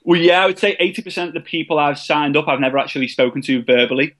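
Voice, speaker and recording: A man's voice: fairly high pitch, fast talker, fairly bright tone. A younger man being interviewed, telling his story in a casual, self-deprecating way with frequent restarts. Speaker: guest, network marketer.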